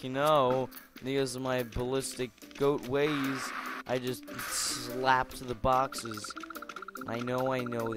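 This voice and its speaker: A young man doing goofy, rambling gameplay commentary, scolding game characters in mock-stern tones. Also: medium pitch. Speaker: gameplay video host. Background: game music.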